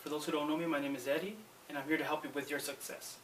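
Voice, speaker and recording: Male motivational speaker, slightly higher voice, earnest and emphatic, a bit distant from the mic with faint hiss. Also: little pitch movement, rapid-fire. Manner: earnest, emphatic, repeats words when starting sentences. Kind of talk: motivational talk to camera.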